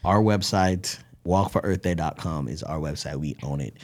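A man's voice: low voice, normal speed, a little mellow. A man in his thirties co-hosting a podcast, telling a playful story in casual chat. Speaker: podcast co-host.

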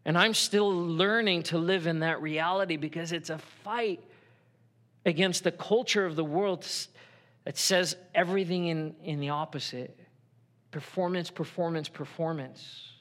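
A man's voice: on the high side, normal speed, a bit bright. A middle-aged man preaching a sermon in church, earnest and conversational, acting out quotes as he goes. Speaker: pastor.

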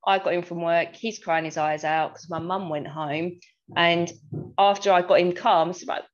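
Chatty young mum, slightly dull sound. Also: female voice, on the low side, steady tone, normal speed. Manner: chatty, anecdotal, acts out dialogue. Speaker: discussion panellist, new mother. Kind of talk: casual discussion.

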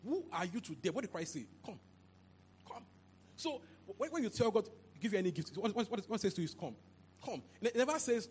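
A man preaching a sermon into a handheld mic, animated and repetitive, often asking if the listeners understand. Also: high-pitched, fast, a little hiss or hum. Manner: animated, repeats phrases, asks "you understand?". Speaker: pastor.

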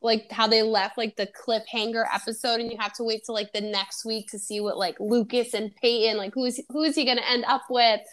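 A woman's voice: on the high side, fairly even intonation, brisk, few pauses, a bit bright. A young adult woman co-hosting a podcast, chatting casually and rambling, with lots of filler words. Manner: rambling, heavy use of "like". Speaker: podcast co-host. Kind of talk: casual chat.

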